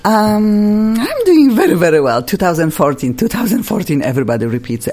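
A woman's voice: on the low side, sing-song, a little fast, few pauses, darkish tone. A woman with a Polish accent hosting a talk radio show, effusive and laughing often as she praises her guests. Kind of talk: bubbly talk radio chat.

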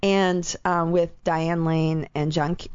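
A woman's voice: fairly low pitch, slow pace, clean tone. Chatty woman telling a story, lo-fi. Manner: animated storyteller, acts out quoted voices. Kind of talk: casual chat. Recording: slightly dull lo-fi sound.

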